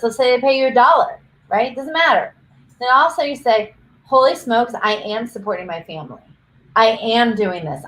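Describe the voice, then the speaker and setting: A woman's voice: on the high side, roomy sound, a little hiss or hum, low-quality recording. A woman coach co-hosting a casual livestream, explaining ideas in an encouraging way on a video call. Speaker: coach and co-host.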